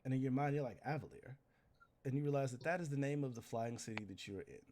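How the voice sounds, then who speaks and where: A man's voice: mid-range voice, fast talker, dark tone, slight background noise. Man narrating a tabletop game as game master. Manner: loose, conversational narration with fillers.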